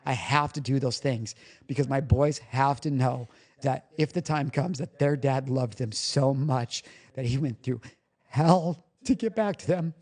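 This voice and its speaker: A man's voice: medium pitch, steady tone, measured pace, darkish tone. Candid, emotional man telling a story. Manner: candid, emotional, casually profane. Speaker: recovery coach guest. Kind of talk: podcast interview, personal storytelling.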